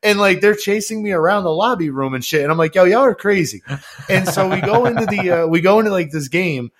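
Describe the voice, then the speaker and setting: A man's voice: sits high, quick pace, fairly bright tone. Slangy, laughing young man podcast host. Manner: slangy, profane, laughs through stories, acts out voices. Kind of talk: casual chat, animated storytelling.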